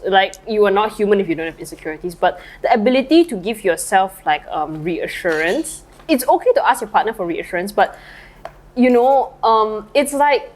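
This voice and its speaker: A woman's voice: mid-range voice, poor audio. A woman co-hosting a podcast in casual chat, rambling with lots of fillers, eating lunch and a little tipsy as she talks. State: eating while talking, slightly tipsy. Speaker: podcast co-host.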